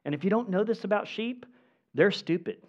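Male pastor, fairly high voice, earnest emphatic sermon delivery, dull lo-fi recording. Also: expressive. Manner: earnest, emphatic preaching with pauses.

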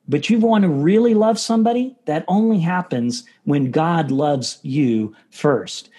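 A man's voice: high-pitched, a little mellow, husky. A man preaching a sermon as pastor, earnest and repeating key phrases to stress them. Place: church.

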